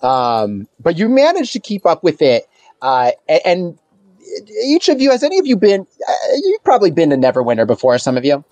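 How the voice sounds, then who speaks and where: A man's voice: a little high, wildly swooping pitch, fairly quick, a little mellow, no room sound. A man narrating as game master of a tabletop game, rambling with lots of fillers.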